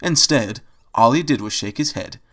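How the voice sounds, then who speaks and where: A man's voice: mid-range voice, animated, moderate pace, fairly bright tone. A man reading a fan-fiction story aloud, adding wry asides between passages. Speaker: story reader.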